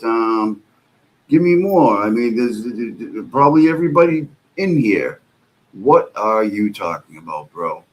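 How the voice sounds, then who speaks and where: Male streamer host, young adult, low voice that swings a lot, sarcastic and profane. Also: big pitch swings, a little slow. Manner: exasperated, sarcastic, swears a lot. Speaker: streamer host reacting to clips. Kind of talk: profane reaction commentary.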